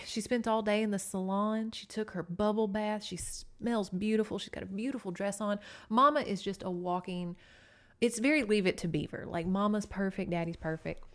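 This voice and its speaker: Southern woman host, casual sardonic book recap, conversational, middle register. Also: medium pitch. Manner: chatty and sarcastic, with many asides. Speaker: podcast host.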